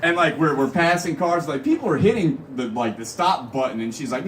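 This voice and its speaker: A young man does live stand-up, rambling through a comic story stuffed with "like" and "literally." His voice sits on the high side and is very animated, fairly quick and a bit bright. Someone in the audience caught it on a phone camera from far off at the live show venue, leaving a little hiss or hum.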